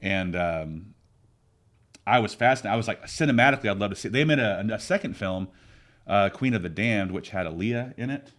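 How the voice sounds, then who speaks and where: A somewhat low-voiced man co-hosting a casual podcast. He rambles through his opinions and keeps restarting his sentences. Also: expressive, brisk, fairly bright tone. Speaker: podcast co-host. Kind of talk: casual chat.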